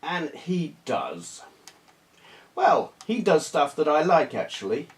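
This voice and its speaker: A man's voice: a little high, big pitch swings, slow. A man chatting casually to camera in a small room, rambling with restarts and self-deprecating asides. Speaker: retro gaming YouTuber. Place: small hot room under bright video lights.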